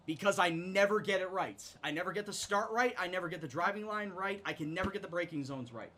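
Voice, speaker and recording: A man's voice: high voice, moderate pace. A man commenting on his own racing game, swearing and venting at his driving. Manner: swears and shouts in frustration; self-deprecating. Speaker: gaming streamer. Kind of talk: casual gameplay commentary.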